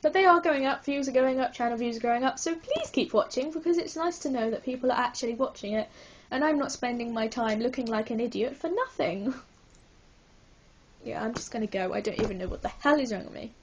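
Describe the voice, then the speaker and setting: A woman's voice: on the high side, a little fast, slight background noise. A woman vlogging a casual book review, hyper and giggly, rambling with lots of apologetic asides.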